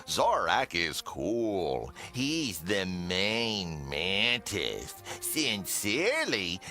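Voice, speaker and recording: Pompous superhero host, wildly swooping pitch, bright ringing tone, slow and grand. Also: male voice, huge pitch swings, soft background music, exaggerated voice. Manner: pompous, self-important, theatrical. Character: pompous, vain superhero talk-show host. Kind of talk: TV cartoon voice acting.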